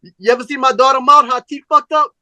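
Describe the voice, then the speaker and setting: Bright-voiced man telling a wild story. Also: extremely high pitch, quick pace, dry recording. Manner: animated, profane storyteller, acts out both sides of conversations. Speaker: podcast host. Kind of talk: casual storytelling chat.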